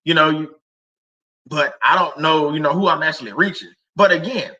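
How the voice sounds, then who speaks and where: A man's voice: fairly high pitch, moderate pace, pushed and bright, dull audio. A middle-aged man hosting a casual faith talk stream, rambling and conversational with many fillers and restarts. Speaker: livestream host.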